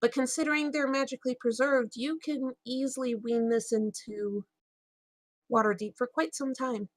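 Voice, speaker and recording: Dry, high-voiced woman role-playing a tabletop game. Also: steady tone, normal speed, dry recording. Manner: hesitant, many fillers and restarts. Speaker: player. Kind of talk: in-character tabletop role-play.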